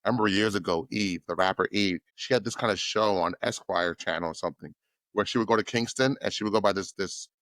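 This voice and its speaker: A man's voice: low-pitched, quick pace, a bit bright, no echo. A male podcast host talking enthusiastically in a casual conversation, rambling and repeating himself.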